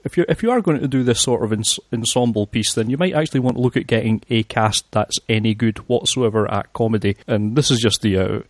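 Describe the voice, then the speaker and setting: A man's voice: medium pitch, quick pace, few pauses, no room sound. A man reviewing films on the radio with scathing, dry sarcasm. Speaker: film critic. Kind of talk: film review chat.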